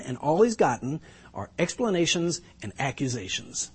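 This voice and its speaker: Husky-voiced man preaching earnestly. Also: a little high, very animated, moderate pace, darkish tone. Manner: earnest, reflective, emphatic. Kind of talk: sermon.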